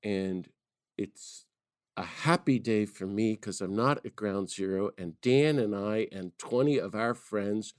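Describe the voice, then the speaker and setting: A man, a priest and activist, telling stories on a podcast as a guest, lively and laughing as he goes. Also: fairly low pitch, measured pace, no room sound, clean studio sound. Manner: lively storyteller who laughs and acts out quotes. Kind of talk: conversational storytelling.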